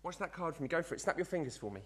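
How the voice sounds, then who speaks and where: A man's voice: fairly high pitch, animated, racing, a bit bright, slightly rough. A man playing a cheeky young Victorian apprentice magician, doing a live card trick in chatty patter. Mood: playful. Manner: chatty, patter-filled, keeps saying "look". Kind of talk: live magic act in character.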